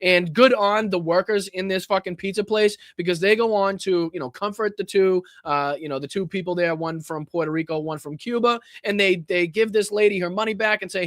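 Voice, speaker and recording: A man's voice: high voice, brisk, few pauses, dry recording. A Boston-accented man hosts a political podcast, talking bluntly and swearing freely, in a slightly raised voice. The sound is close and dry, recorded right at the microphone. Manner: blunt, swears often, animated reactions. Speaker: podcast host. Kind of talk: profane political commentary.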